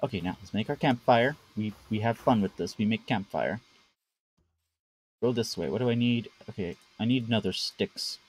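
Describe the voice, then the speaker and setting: Husky-voiced man chatting through live gameplay. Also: on the low side, expressive, normal speed, darkish tone. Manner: chatty, talks to game animals, playful broken grammar. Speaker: streamer.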